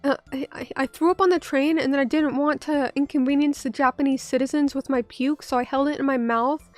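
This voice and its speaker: A young woman streaming casually while hoarse from bronchitis. She rambles, cuts herself off, swears and talks back to her chat. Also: sits high, fairly even intonation, a little fast, no echo, faint music behind. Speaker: VTuber streamer.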